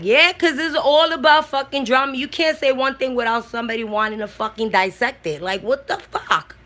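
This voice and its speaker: A woman's voice: sits high, a little fast, hardly any pauses, sharp tone. A congested woman chatting on a livestream, blunt and slangy, swearing freely. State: congested from a cold. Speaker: YouTuber on a livestream. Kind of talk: casual livestream chat, reading comments.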